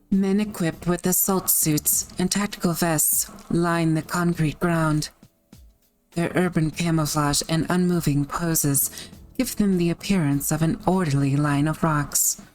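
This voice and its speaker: A young woman who just woke up chats hesitantly and ramblingly, with lots of fillers, before reading a game story aloud. Her voice is low, steady, a little slow, and darkish in tone, with soft background music behind it.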